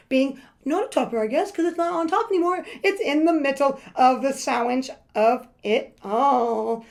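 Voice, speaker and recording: A rather high-voiced woman talks through her nail painting in a loose, rambling way. She gets excitable and sing-song, and her voice crackles a little. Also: normal speed, creaky, hardly any pauses. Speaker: nail art vlogger. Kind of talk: casual voice-over while painting nails.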